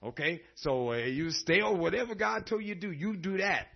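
A man preaching a sermon, telling stories in an animated way and laughing often. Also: high-pitched, moderate pace, creaky. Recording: dull lo-fi recording.

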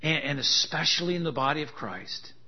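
A man's voice: a little high, animated, a little fast, breathy edge. A man preaching a sermon, with joking, laughing asides and emphatic contrasts that build in intensity. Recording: dull lo-fi sound.

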